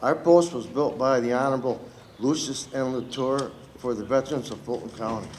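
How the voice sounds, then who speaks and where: A man serving as a veterans' post commander, giving an unscripted ceremony speech and reading a poem. He talks haltingly and gets choked up. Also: medium pitch, darkish tone, a little hiss or hum. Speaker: American Legion post commander. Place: outdoor public ceremony.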